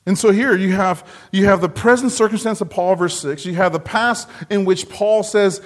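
A man with a rather high voice delivers a sermon. He speaks earnestly, repeating his phrases for emphasis. He sinks low and soft on the words that matter most. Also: normal speed, hardly any pauses. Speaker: preacher.

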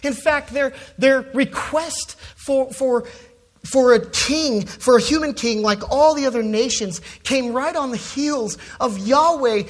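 A preacher delivering an expository sermon at an unhurried, measured pace. The voice leans hard on key words for emphasis and often repeats a word when restarting a phrase. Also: high voice.

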